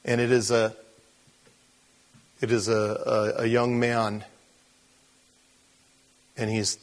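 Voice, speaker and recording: An older man preaches by telling stories instead of lecturing, conversational and animated, slipping into the voices of the people he describes. His voice sits in an ordinary mid-range, and he takes his time.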